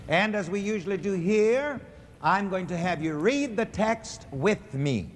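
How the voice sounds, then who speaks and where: A man preaches in a high voice that swoops up and down, stretching his words out slowly. He sets each line up for the congregation to echo back. The sound carries a long reverb, as if recorded in a large church hall. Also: animated, slight background noise. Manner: rhythmic, has the congregation repeat his lines. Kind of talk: call-and-response sermon.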